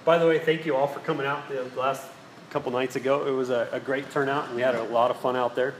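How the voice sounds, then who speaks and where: Talking fast in a level, mid-range tone, a pastor tells stories during his sermon and asks the congregation rhetorical questions. A little hiss or hum sits under the recording, made in an echoey hall with faint ambience.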